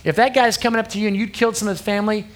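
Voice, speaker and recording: A man in his thirties gives a sermon to a youth group, his voice sitting a little high. He speaks earnestly and conversationally, often pausing to check in with the crowd. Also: fairly even intonation. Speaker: youth pastor.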